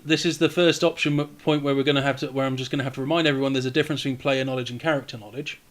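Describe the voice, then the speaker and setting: A man's voice: medium pitch, steady tone, a bit bright. Man running a tabletop game. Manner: chatty, laughing, quick rulings. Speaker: dungeon master.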